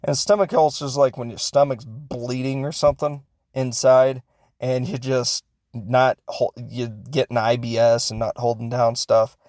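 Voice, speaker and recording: A podcast host who reviews films recaps one in a medium-pitched, steady, somewhat mellow voice, speaking unhurriedly in clean studio sound without echo. He rambles casually, often sounding unsure, correcting himself, and adding joking asides.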